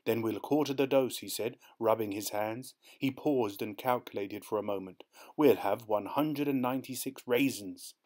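A man reads a short story aloud as an audiobook narrator, at an ordinary male pitch. He carries the dialogue of both characters himself, nudging his tone for each speaker while keeping a steady storytelling delivery. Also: normal speed.

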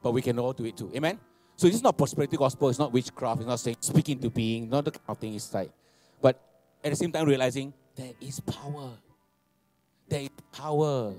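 A man, preaching a sermon, animated and laughing, repeating phrases and asking for amens. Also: mid-range voice, fairly quick, faint music behind. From Malaysia. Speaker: pastor. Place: church hall.

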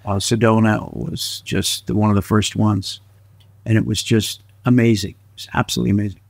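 A man's voice: on the low side, brisk, vocal fry. A man telling anecdotes as a guest in a casual interview, laughing often and slipping into voices. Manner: lively anecdotal storyteller who slips into voices and laughs often. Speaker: guest actor and filmmaker.

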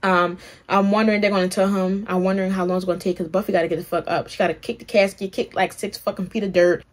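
A young woman hosting a reaction channel, talking in a rambling, excitable way with plenty of swearing and fillers. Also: medium pitch, quick pace. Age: young adult. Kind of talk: casual reaction commentary.

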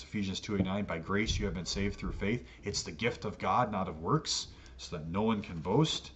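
An American man teaching an adult catechesis lesson on the Bible in a relaxed, conversational way, with fillers and self-corrections. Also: deep voice, moderate pace. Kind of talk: Bible study lecture. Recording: dull lo-fi audio with faint noise.

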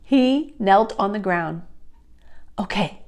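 A woman reading a children's chapter book aloud, slow and expressive. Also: medium pitch. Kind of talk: storybook read-aloud.

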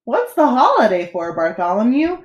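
A woman's voice: on the high side, wildly swooping pitch, normal speed, echoey room, muffled recording. A woman voicing a worried old male bell ringer in a storybook reading. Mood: puzzled. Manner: worried, fussing.

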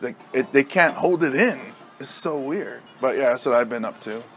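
A man's voice: medium pitch, lively intonation, moderate pace, soft background music. A middle-aged man from Hawaii co-hosting a podcast in casual chat, rambling and laughing as he tells coaching stories. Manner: rambling, laughing often, acts out loud exasperated coach lines. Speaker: podcast co-host, high school football coach.

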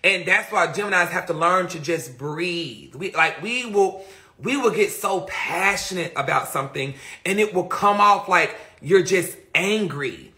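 A man's voice: sits high, measured pace, sharp tone. A man chatting casually on a phone livestream, answering viewer comments in a rambling, profane and emphatic way.

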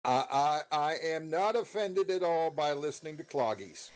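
A man's voice: on the high side, expressive, moderate pace. An American man making hesitant, contrarian quips in a casual voice chat. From United States. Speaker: voice chat participant.

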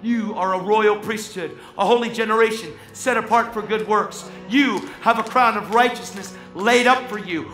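A man's voice: high voice, moderate pace, few pauses, fairly bright tone. A man preaching a sermon with passionate, emphatic delivery, often calling the listener "man". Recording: echoey hall, faint music.

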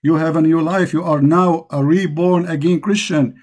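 A man with an Arabic accent preaches to a caller, pressing his points again and again with fervour. His voice sits a little high for a man. He hosts the show and speaks straight to the listener. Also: steady tone, moderate pace, a little mellow. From Middle East. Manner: impassioned, repetitive preaching. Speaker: host.

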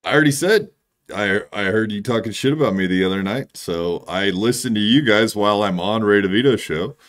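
Low-voiced confrontational male caller. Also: a little fast, fairly bright tone. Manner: confrontational, accusing. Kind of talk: heated call-in argument.

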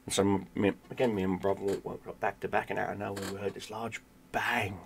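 Gravelly low man telling a story. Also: little pitch movement, fast, a little hiss or hum. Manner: blunt, swears freely, drops to a hush for tense moments. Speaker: gaming streamer telling a personal story. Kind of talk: casual storytelling.

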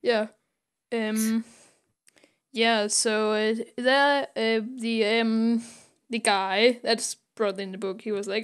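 A woman's voice: on the high side, steady tone, takes it slowly, smooth. A woman co-hosting a podcast, casually retelling a comic story with lots of fillers and little acted-out voices. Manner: retells scenes, putting on voices with many fillers. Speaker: podcast co-host.

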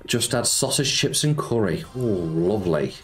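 A man's voice: on the low side, very animated, moderate pace. A man hosting a casual slots live stream, chatting with viewers and reading out their messages. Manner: chatty, reads chat aloud and answers viewers, says mate a lot. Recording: roomy echo with music behind.

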